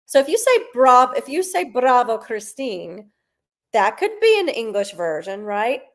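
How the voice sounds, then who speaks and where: Woman, middle-aged, from South Carolina, interview guest, animated storyteller, somewhat high voice. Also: normal speed. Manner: animated storyteller, sings snatches of lines. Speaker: guest, Broadway singer. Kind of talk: casual interview chat.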